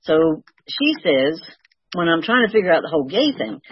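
A woman's voice: low voice, big pitch swings, normal speed, dull audio, a little hiss or hum. An older woman sharing her recovery story with wry, self-mocking humor. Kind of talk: personal testimony, storytelling.

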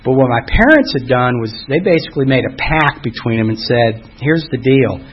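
A man's voice: medium pitch, lively intonation, fairly quick, slightly rough. A middle-aged man giving a personal testimony about his recovery, talking in a rambling, conversational way full of fillers and restarts. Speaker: recovery speaker. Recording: dull lo-fi recording.

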